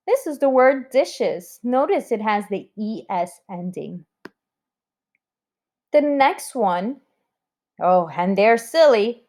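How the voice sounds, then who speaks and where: Teacher woman, higher voice, unhurried, spells words letter by letter for young pupils. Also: lively intonation, a little mellow. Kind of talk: recorded spelling lesson for children.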